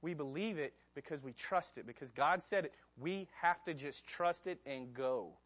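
Male pastor, slightly high, animated, chatty sermon delivery. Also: moderate pace. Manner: conversational, animated, asks the congregation questions.

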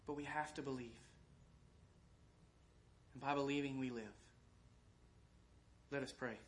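A man preaching a sermon, shifting between loud proclamation and soft, hushed passages. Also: medium pitch, steady tone, measured pace. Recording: echoey room with faint background ambience.

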